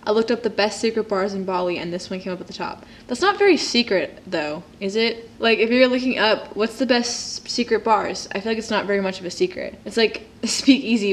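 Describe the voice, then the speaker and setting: A woman's voice: medium pitch, animated, fast, hardly any pauses. A young woman vlogging casually as she plays a story game, chatty and giggly, with self-mocking asides. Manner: drops to a hushed whisper at times. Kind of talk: casual vlog chat while playing a story game.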